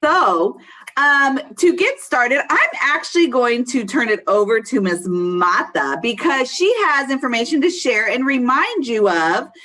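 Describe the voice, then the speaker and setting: A woman's voice: a little high, expressive, a little slow, sharp tone. A woman hosting an online school assembly for students, cheerful and playful, teasing her co-host. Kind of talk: upbeat school assembly talk. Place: video call for an online assembly.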